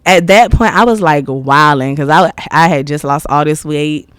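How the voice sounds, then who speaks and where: A woman's voice: low voice, moderate pace, smooth, no echo, studio quality. A woman in her thirties, a podcast guest telling stories in a candid, rambling way, laughing often. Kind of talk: casual interview storytelling.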